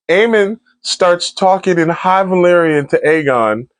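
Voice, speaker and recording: A man's voice: sits high, takes it slowly, no echo. Slangy man recapping an episode. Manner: slangy, animated, laughs often. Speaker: TV episode reviewer. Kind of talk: casual spoiler recap.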